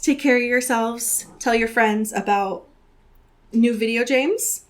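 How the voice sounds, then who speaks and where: A woman's voice: on the high side, slow. A woman from the Pacific Northwest co-hosting a podcast, reading fan fiction aloud with dry comic timing and laughing often. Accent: Pacific Northwest American. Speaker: podcast co-host.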